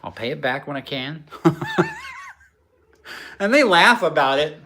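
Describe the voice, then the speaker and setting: A man's voice: fairly high pitch, expressive, unhurried, background noise. A man talking casually on a livestream from his garage workshop, rambling and frank, often laughing at himself. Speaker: livestream host, maker.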